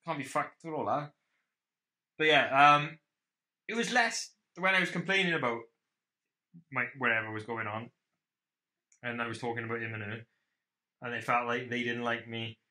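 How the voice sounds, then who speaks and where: A man's voice: medium pitch, moderate pace, long pauses, bright, forceful tone. A young man co-hosting a casual podcast from home, chatting in sweary, joking banter. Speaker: podcast co-host. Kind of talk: casual chat.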